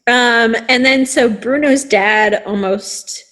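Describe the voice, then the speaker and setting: Woman podcast host, relaxed pace, animated retelling with voiced quotes. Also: a little high, slow, low-quality recording. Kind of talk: casual chat.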